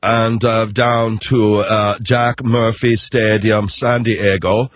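A man putting on a slow, dopey, pop singer. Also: fairly low pitch, little pitch movement, no echo. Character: dim, boastful male pop-duo singer.

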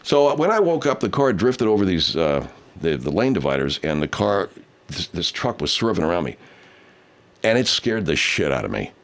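Lively low-voiced male talk host. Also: moderate pace. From Southern California. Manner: rambling, profane, animated storyteller with many restarts. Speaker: show host. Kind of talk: casual storytelling talk show.

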